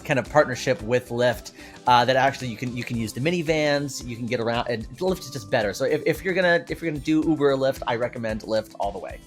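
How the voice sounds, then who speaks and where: A man co-hosting a casual chat, telling stories in an animated, exaggerating way. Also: medium pitch, fast talker, soft background music. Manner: animated storyteller, exaggerates for effect. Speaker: co-host.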